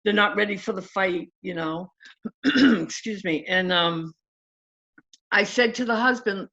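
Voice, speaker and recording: A woman coach in an interview, telling stories with lively acted-out quotes in casual talk. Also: medium pitch, moderate pace. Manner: animated, acts out quotes in story. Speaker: guest coach. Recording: dull lo-fi audio.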